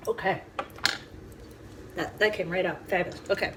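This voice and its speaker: A woman hosting a casual cooking show from her home kitchen, talking chattily and excitably to viewers as she works through each step. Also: medium pitch, moderate pace. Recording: background noise and clicks.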